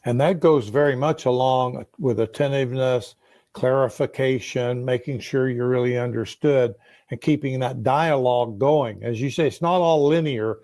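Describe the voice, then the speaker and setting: A man's voice: mid-range voice, normal speed, a little mellow, no echo. A man interviews his guest, recorded close and dry with little room sound. He sounds reflective and affirming, often restating her points before moving on. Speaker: interviewer host. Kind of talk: conversational interview.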